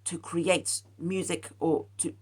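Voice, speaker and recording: A woman's voice: on the low side, fairly even intonation, slow, a little mellow, slightly rough. A young woman musing aloud about her own philosophy in a rambling casual monologue, full of fillers, restarts and calls of "guys". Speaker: vlogger sharing a personal philosophy.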